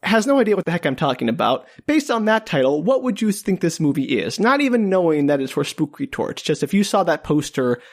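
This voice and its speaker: A podcast host in casual chat, playful and quick to joke while introducing a movie. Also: medium pitch, very animated.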